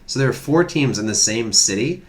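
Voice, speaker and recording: A man's voice: medium pitch, lively intonation, brisk. A man co-hosting a comedy trivia podcast, telling researched stories in a rambling, casual way. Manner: rambling, researched storytelling with fillers. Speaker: podcast co-host presenting trivia.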